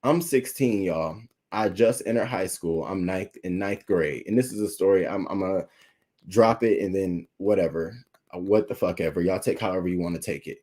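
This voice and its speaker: A young man hosting a YouTube livestream speaks candidly and emotionally to his chat, fighting back tears as he thanks viewers by name. His voice is low and warm, at a moderate pace.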